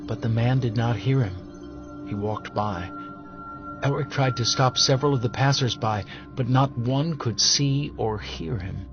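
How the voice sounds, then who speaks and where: A man reading fantasy narration in a measured, steady way. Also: mid-range voice. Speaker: audiobook narrator. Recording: dull lo-fi audio with music behind.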